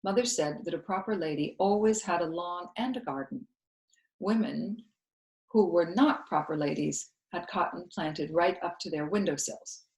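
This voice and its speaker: A woman, a school co-founder, reading a novel aloud in steady storytelling narration. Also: lowish voice, normal speed. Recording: roomy echo.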